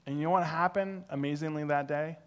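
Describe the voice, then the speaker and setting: A male pastor preaching through a personal story, animated and self-deprecating, acting out the voices he quotes. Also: fairly high pitch, fairly quick. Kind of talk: sermon storytelling.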